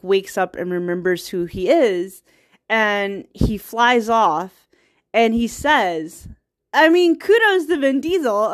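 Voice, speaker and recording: A woman's voice: medium pitch, clean tone. A young woman eagerly retelling a film's plot in casual, rambling talk, laughing often and getting teary. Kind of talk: casual movie recap.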